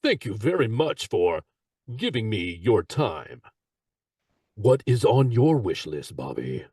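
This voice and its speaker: Man putting on a kindly old santa, slow, lower than his own voice, slightly off-mic. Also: very animated, slightly rough, no room sound, studio quality, recorded from a distance, full character voice. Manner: slow, soft-spoken, fatherly. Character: gentle old Santa Claus, male, kindly.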